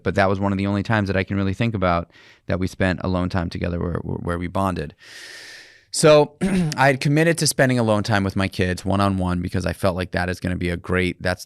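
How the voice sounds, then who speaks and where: A man's voice: low-pitched, creaky, no echo, studio quality. A man in his forties hosting a solo podcast, telling a personal story in a candid, rambling way with frequent restarts. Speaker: podcast host.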